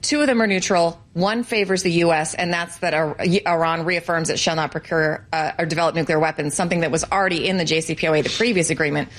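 A woman news correspondent with a lowish voice explains a story in fluent detail. She adds a wry edge to her live analysis. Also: steady tone, quick pace, hardly any pauses.

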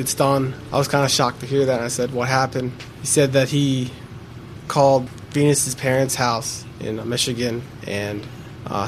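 A man giving courtroom testimony as a witness, halting and full of fillers and pauses. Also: mid-range voice, slight background noise. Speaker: trial witness.

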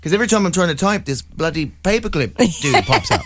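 Middle-aged comedian guy rambling jokes on the radio, voice bounces all over, kinda high. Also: big pitch swings, fast, fairly bright tone. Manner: rambling and jokey, acting out voices. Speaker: comedian guest. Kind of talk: comic storytelling on radio.

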